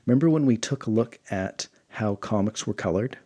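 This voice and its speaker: A man's voice: lowish voice, animated, normal speed, mellow. A man hosting a comics channel, reading a comic aloud with enthusiastic, chatty asides.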